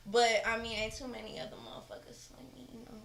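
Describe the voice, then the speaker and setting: A woman's voice: a little high, fast talker, vocal fry, over a noisy crowd. A young woman co-hosting a casual podcast chat, telling stories with big laughs and plenty of swearing. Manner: animated storytelling, swears freely, laughs loudly. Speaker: podcast co-host. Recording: echoey room, faint noise.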